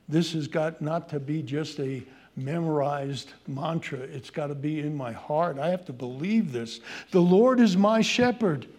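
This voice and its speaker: A man preaching a sermon, swinging from loud emphasis to hushed pleading as he addresses his congregation. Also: on the high side. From Irish heritage. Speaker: pastor.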